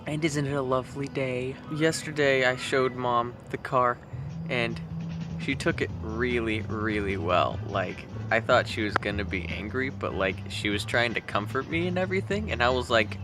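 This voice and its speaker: A man's voice: medium pitch, moderate pace, over music. A young man talking casually in a vlog, self-deprecating and rambling about his own frustrations. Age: young adult. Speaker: vlogger.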